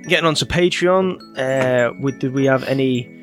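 A man's voice: medium pitch, normal speed, soft background music. A man with a Northern English accent co-hosting a podcast in casual, rambling chat. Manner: rambling, chatty, with fillers and restarts. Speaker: podcast co-host.

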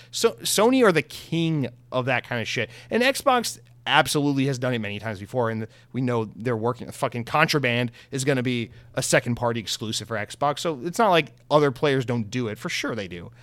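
A man's voice: mid-range voice, fairly bright tone, no echo. A young man giving casual, heated gaming news commentary, swearing freely and mocking companies in sarcastic voices.

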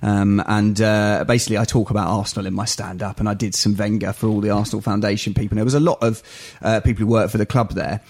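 Man, comedian, podcast guest, quick excitable storytelling, rapid delivery. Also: lowish voice. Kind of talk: casual podcast chat.

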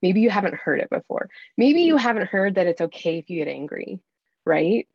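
A woman's voice: mid-range voice, very animated, fairly quick, husky, dry recording, muffled recording. A woman talking earnestly as a guest coach on a faith podcast, acting out her own inner dialogue. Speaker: guest, mom anger coach. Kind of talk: faith-based podcast conversation.

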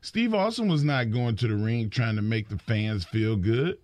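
Animated middle-aged man telling wrestling stories. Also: on the low side, normal speed, no room sound. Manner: animated storyteller, acts out quotes, repeats words. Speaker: wrestling podcast co-host. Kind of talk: casual chat.

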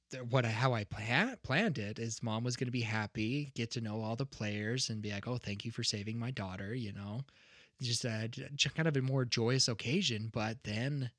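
A man's voice: lowish voice, a bit bright, dry recording, studio quality. A man, the game master, recapping his tabletop campaign in a rambling, reflective way with many restarts.

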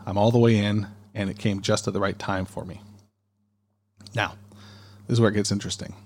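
A man's voice: fairly low pitch, little pitch movement, fairly quick, darkish tone. A man hosting a podcast, rambling and chatty in a casual monologue, recorded on a studio dynamic mic. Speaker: podcast host.

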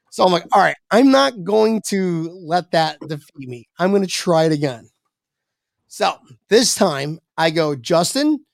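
Casual storyteller, young man, raspy edge, swears a lot, mid pitch, dead-dry sound. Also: no echo. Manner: rambling, animated, swears freely, voices his younger self. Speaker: podcast guest.

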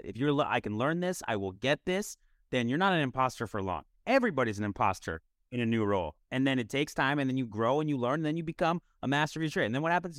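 A man's voice: mid-range voice, dry recording, clean studio sound. A man in his thirties hosting a podcast, upbeat and enthusiastic as he chats with a guest. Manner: upbeat, enthusiastic, quick-talking. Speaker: podcast host. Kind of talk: casual interview chat.

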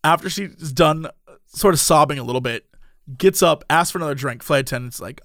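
High-voiced man telling an animated story. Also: brisk, no room sound, studio quality. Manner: animated, laughs often, acts out quoted voices. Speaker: podcast host telling a story. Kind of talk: casual storytelling chat.

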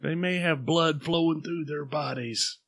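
A man with a notably high voice chats casually as a podcast co-host. He teases his partner and laughs readily. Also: a little slow, gravelly, fairly bright tone. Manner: teasing, laughs easily. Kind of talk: casual chat.

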